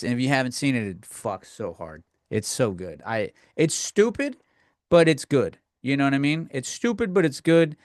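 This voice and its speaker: Young guy, solo podcast ranter, blunt and cussing, rambles and restarts, higher-pitched, dead-dry recording. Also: dry recording. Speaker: podcast host.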